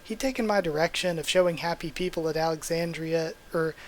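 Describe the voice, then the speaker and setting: Young male reaction host, slightly high voice, reads aloud with eager outbursts. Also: a little fast, a little hiss or hum. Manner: reads aloud, breaks in with excited exclamations. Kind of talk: live reading and reaction.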